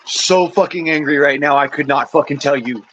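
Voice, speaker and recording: This man's voice is slightly high and fairly bright, at a normal pace, on a lo-fi recording with a little background noise. He's an injured veteran who has had a couple of beers, venting into his cell phone in an angry vlog, swearing furiously and stammering as he restarts his sentences.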